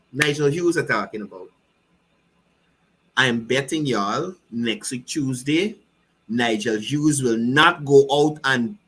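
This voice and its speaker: A man's voice: mid-range voice, bright, forceful tone, slightly rough, poor audio. A man with a Guyanese accent giving fiery, mocking political commentary. He keeps repeating himself and asking the listener if they understand.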